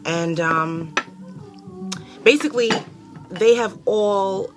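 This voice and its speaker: A young adult woman from New York hosting her own casual talk show, animated and sassy, cursing freely and laughing often. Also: mid-range voice, slow pace, music in the background. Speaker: host.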